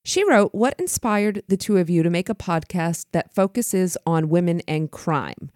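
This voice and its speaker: Woman podcast co-host, enthusiastic, grateful, low-ish voice, dry close mic. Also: normal speed, darkish tone, dry recording. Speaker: podcast co-host and criminology teacher. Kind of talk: casual podcast chat.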